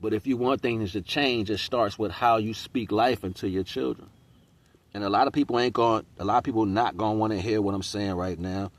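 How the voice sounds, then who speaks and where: A man's voice: lowish voice, fairly even intonation, brisk. A man giving a casual spiritual monologue in street slang, preaching about relationships and accountability and often asking "you know what I'm saying". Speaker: host.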